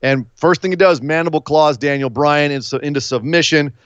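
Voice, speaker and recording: A man co-hosting a casual chat, retelling events blow by blow in an animated way. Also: a little high, fairly quick, clear, resonant tone, no room sound, muffled recording. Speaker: podcast co-host. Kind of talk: casual wrestling recap chat.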